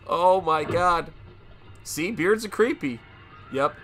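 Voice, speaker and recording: A man's voice: on the high side, animated, slow pace, gravelly, pauses often, fairly bright tone. A man hosting a live watch party, giving gushing, enthusiastic commentary. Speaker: live stream host.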